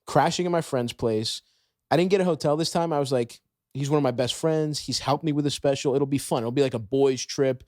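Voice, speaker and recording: A male comedian guesting on a podcast, telling a self-deprecating story in rapid bursts, laughing at himself. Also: medium pitch, darkish tone, dry recording, studio quality. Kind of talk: comic storytelling.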